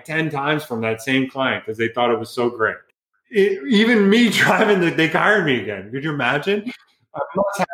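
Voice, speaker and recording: A man's voice: a little high, a bit bright. Profane rambling man in an echoey room. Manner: profane, rambling, self-mocking. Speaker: guest photographer and entrepreneur. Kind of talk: casual storytelling interview.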